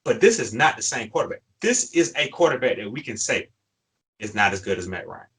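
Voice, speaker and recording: A man's voice: on the low side, sing-song, a little fast, fairly bright tone, breathy edge, low-quality recording. A man co-hosting a sports fan show, ranting emphatically and repeating his points, worked up and frustrated. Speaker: sports podcast co-host. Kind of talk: fired-up fan commentary.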